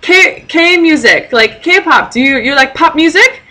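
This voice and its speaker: A woman putting on an eager older stranger who gushes compliments in halting, broken English. The voice jumps well above her own and stays bright and lively. Phrases come in short, repeated bursts. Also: sits high, pitched above the performer's own voice, heavily acted. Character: excitable older man, stranger on a subway.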